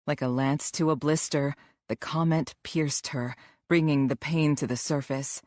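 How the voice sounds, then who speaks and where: A woman narrating a thriller audiobook in a measured, even way. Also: sits low, no room sound, studio quality.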